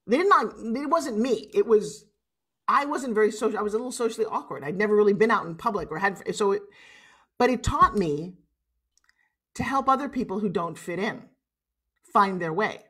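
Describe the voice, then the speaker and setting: Brief: woman in her 60s, New York accent, guest speaker, lively and blunt storyteller, some salty language, video call. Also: medium pitch, normal speed, breathy edge. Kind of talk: personal storytelling.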